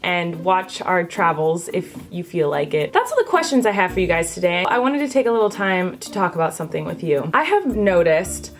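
A woman in her twenties chatting casually to camera in a vlog, bubbly and animated, with her pitch jumping up when excited. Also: brisk, hardly any pauses. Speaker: vlogger.

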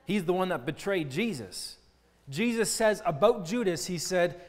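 A man's voice: a little high, animated, a little slow. A man teaching children a Bible lesson in an earnest, explaining way, often asking them questions. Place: church hall. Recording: long church-hall reverb.

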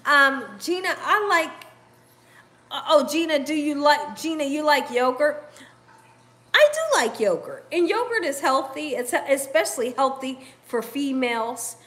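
A woman's voice: high-pitched, animated, unhurried, a bit bright. A middle-aged woman hosts a cooking live stream. She chats casually, laughs often and talks straight to her viewers as "y'all". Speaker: cooking channel host reading viewer comments.

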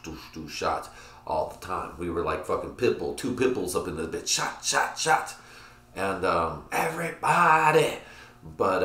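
A man's voice: low voice, fairly bright tone. A man hosting a podcast in casual, profane chat, rambling and laughing at his own jokes. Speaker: podcast host. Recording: roomy echo.

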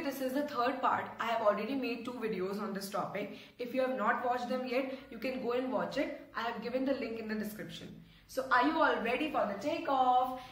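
Woman teaching, echoey and distant. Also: a little high. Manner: repeats words slowly, mixes Hindi explanations. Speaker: English teacher, channel host. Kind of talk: pronunciation lesson. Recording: very echoey room, far from mic.

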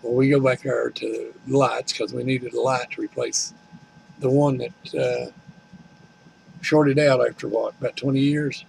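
A man's voice: medium pitch, level tone, unhurried, creaky, darkish tone, a little hiss or hum, poor audio. An older man, telling a rambling, complaining story at home and retelling conversations in a folksy way. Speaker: vlogger.

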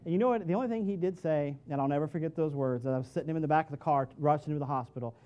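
A middle-aged male pastor giving a conversational sermon in a church, moving between quiet asides and loud, emphatic peaks. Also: on the high side, very fast, muffled recording. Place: church sanctuary.

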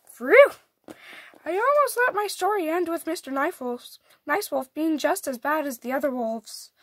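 Storybook wolf, male, kind and hopeful, high and lively, read by a woman. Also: unhurried, no echo, clean studio sound. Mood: relieved. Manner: polite, eager.

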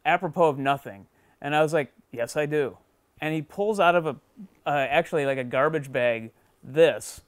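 A man's voice: on the high side, moderate pace, no echo. A man co-hosting a casual show, joking in a dry, easy banter. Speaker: co-host. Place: office.

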